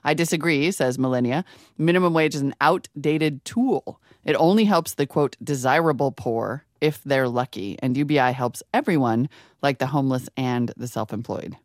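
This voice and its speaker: Low-voiced wry woman co-host. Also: moderate pace, no room sound, clean studio sound. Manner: wry, playful teasing. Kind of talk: casual podcast banter.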